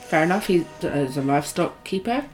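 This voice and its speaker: A woman co-hosting a podcast in casual chat, reacting with quick comments and questions. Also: low voice, lively intonation, soft background music. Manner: reactive, frequent short responses. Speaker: podcast co-host.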